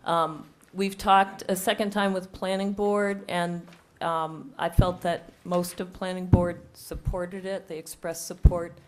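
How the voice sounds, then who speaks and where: A woman's voice: fairly low pitch, flat delivery, a little slow, few pauses. A woman with a cold and a nearly lost voice, presenting a proposed bylaw at a town hearing, speaking close into a microphone and explaining it step by step. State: hoarse from a cold, voice nearly gone. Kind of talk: formal presentation at a public hearing. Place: town meeting room. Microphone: speaks close into a table microphone.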